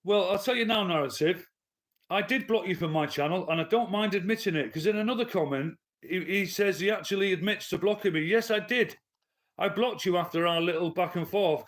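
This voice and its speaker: A man's voice: high-pitched, fairly quick. A man, ranting bluntly and with swearing to his live-stream chat from his living room. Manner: blunt, profane, heated. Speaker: livestreamer and commentator.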